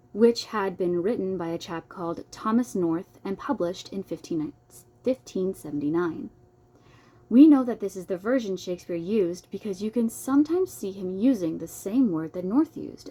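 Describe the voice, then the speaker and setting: A woman's voice: medium pitch, warm tone. A young adult woman reading a nonfiction book aloud, breaking off for playful, self-deprecating comments. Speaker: book reader.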